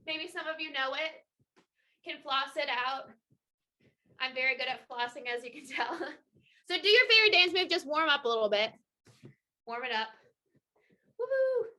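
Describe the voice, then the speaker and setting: Bubbly high-voiced woman teaching kids. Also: moderate pace, long pauses. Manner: energetic, encouraging, playful. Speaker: children's water festival educator. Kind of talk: upbeat lesson for children with movements. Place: home, indoors. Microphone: video call.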